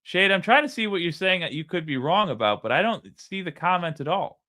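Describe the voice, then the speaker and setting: Chatty streamer man with a bright voice. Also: high voice, expressive, a little fast, dry recording, studio quality. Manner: musing, chatty, reads chat comments aloud. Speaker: streamer host. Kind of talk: casual live-stream commentary.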